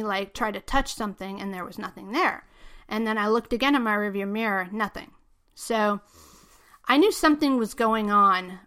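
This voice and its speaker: A woman's voice: medium pitch, pushed and bright. A woman hosting a podcast, casually telling a true story from her life, with many "you know" and "okay?" asides. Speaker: podcast host.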